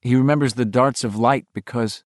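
A man's voice: medium pitch, fairly even intonation, normal speed, dry recording. Man narrating a novel, dry sound. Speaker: audiobook narrator.

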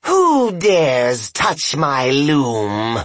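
A man's voice: mid-range voice, huge pitch swings, drawn-out words, a bit bright, dry recording, pitched above the performer's own voice, exaggerated voice. A man voicing a vengeful old female ghost of a loom in an audiobook, screeching and menacing. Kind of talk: audiobook narration.

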